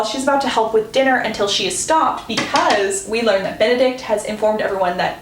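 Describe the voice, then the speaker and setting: A woman giving a chatty book recap in a slightly high voice, talking straight to her viewers. The room is echoey, with a faint steady hum underneath. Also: fairly quick, few pauses.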